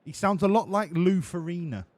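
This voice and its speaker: A man's voice: high voice, expressive, normal speed, dry recording. A man streaming a game, talking in a crude, rambling, sweary way. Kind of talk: casual gameplay commentary.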